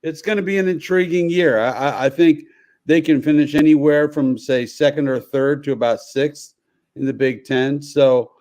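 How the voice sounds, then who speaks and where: A man's voice: fairly high pitch, normal speed, a little mellow. An older man, a sports writer and radio guest, talking casually while coming down with a cold.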